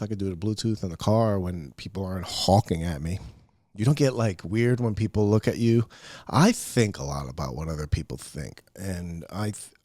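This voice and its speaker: A man's voice: low-pitched, darkish tone, no echo, clean studio sound. A middle-aged man hosting a podcast, rambling through a profane, self-mocking solo rant. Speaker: podcast host. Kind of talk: casual solo podcast monologue.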